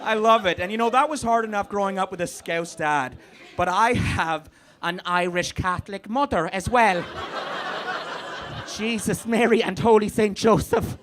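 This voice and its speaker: High-voiced stand-up comic. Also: male voice, moderate pace. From Canada. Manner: animated, swearing, laughing with the crowd. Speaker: stand-up comedian. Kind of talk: stand-up comedy. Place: comedy club. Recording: live club recording with background noise.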